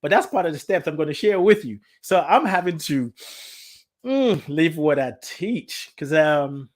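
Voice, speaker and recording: A man's voice: fairly high pitch, animated, unhurried. A man hosting a spiritual talk show, speaking from the heart in an emotional, repetitive way and reading out listener comments. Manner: heartfelt, emotional, repeats himself. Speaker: podcast host.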